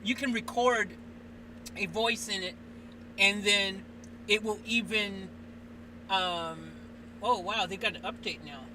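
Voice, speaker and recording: A man's voice: high-pitched, slow pace, pauses often. A man hosting a live stream, chatting casually and rambling with lots of fillers and restarts. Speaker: stream host. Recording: noisy background hiss.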